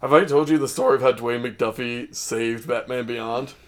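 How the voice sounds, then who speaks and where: A man's voice: medium pitch, normal speed. A man co-hosting a casual podcast chat, telling stories animatedly with frequent laughter and acted-out quotes. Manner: animated storytelling, laughs often, acts out quotes.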